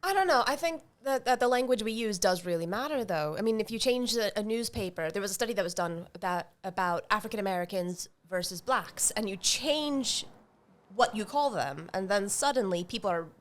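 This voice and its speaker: A woman's voice: mid-range voice, expressive, brisk. A woman in casual podcast chat, making her points earnestly. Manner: earnest, argumentative.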